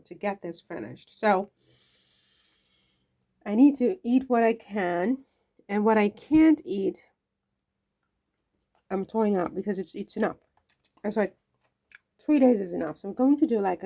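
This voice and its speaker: A woman's voice: medium pitch, creaky, warm tone. Chatty, playful woman cooking at home. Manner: chatty and playful, trailing off and laughing at her own jokes. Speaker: cooking vlogger. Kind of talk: casual cooking chat to camera. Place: home kitchen.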